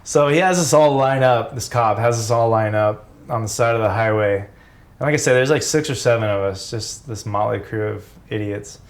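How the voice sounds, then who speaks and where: Gravelly-voiced man telling road stories. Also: lowish voice, moderate pace. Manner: laid-back, swears freely, laughs while telling stories. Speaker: former pro wrestler, podcast guest. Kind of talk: casual road-story telling.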